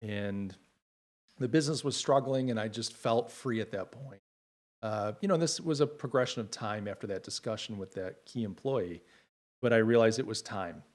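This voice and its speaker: A middle-aged man hosting a casual livestream who talks with heartfelt emotion, halting often with fillers. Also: on the low side. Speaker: livestream host.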